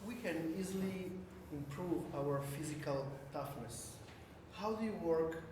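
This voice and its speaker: Audience guy asking carefully, voice a bit high, far off in a roomy space. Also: measured pace, darkish tone. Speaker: audience member asking a question. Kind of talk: asking a question in a Q&A. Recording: distant, roomy mic with faint noise.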